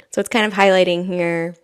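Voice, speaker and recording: Healer lady doing a card reading, lowish voice, soft, chatty, laughs a lot. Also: clean tone. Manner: soft, rambling, laughs often. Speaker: intuitive healer channeling a reading. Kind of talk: casual spiritual guidance talk.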